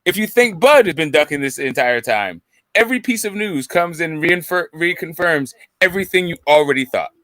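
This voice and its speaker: A man's voice: fairly high pitch, expressive, moderate pace, a bit bright, dry recording. A man giving casual boxing commentary, wry and exasperated with sarcastic asides. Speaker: boxing podcast panelist.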